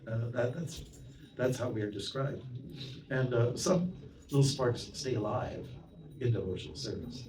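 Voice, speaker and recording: A man's voice: mid-range voice, unhurried, crowd noise. A man from Canada, a monk giving a storytelling lecture to a temple audience, chatty and anecdotal, often asking the room questions. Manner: chatty, anecdotal, with many "you know" asides and audience questions. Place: temple hall. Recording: roomy hall, mic at a distance, audience present.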